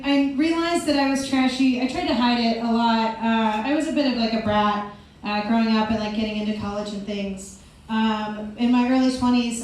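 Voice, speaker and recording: High-voiced woman doing stand-up in an echoey hall. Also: a little mellow, a little hiss or hum. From Youngstown, Ohio, USA. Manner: loose storytelling peppered with "like" and "um", blunt swearing. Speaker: stand-up comedian. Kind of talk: stand-up comedy set. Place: live comedy venue stage. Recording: very echoey room, distant mic, faint crowd ambience.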